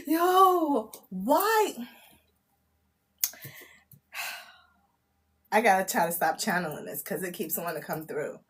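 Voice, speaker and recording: A woman, chatting on a live stream as a spiritual reader, laughing often, loud and disbelieving, full of slang. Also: fairly high pitch, animated, very slow, long pauses. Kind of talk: casual live-stream chat.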